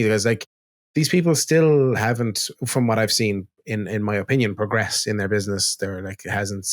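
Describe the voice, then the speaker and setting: Animated Irish man venting in casual chat. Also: fairly low pitch, moderate pace. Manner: animated storytelling, acts out quoted exchanges, swears casually. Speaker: podcast co-host.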